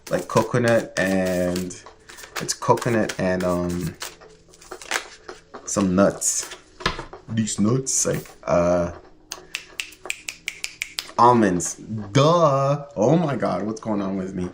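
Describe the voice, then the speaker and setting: Low-voiced male tarot reader on a casual livestream, rambling and chatty, with a faint hiss behind him. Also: fairly even intonation, extremely slow, long pauses. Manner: rambling, filler-heavy, chatty.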